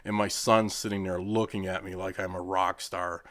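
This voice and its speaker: A man's voice: low voice, flat delivery, normal speed, a bit bright. A man from Michigan, a charity CEO on a podcast, telling funny stories and acting out what people said. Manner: jokey, acts out quotes in different voices. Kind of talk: casual comedic storytelling.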